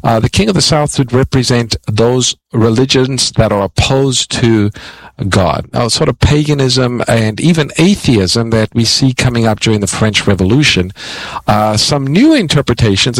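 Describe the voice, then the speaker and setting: A man hosting a call-in radio show, explaining Bible prophecy to callers in a measured teaching manner with frequent "uh" fillers. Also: medium pitch, no room sound, poor audio. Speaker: radio Bible answer host.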